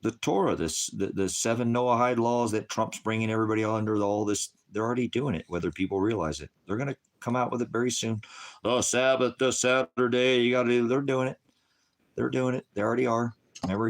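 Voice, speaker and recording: A man preaching in a combative online sermon, answering comments with mockery, profanity and frequent chuckles. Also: deep voice. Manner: chuckles often between remarks.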